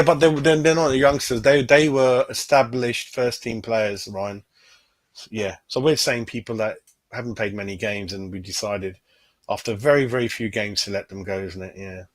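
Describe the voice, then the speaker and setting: Chatting loosely on his fan channel's livestream, this medium-pitched man keeps dropping "mate" and tag questions. The recording is dry.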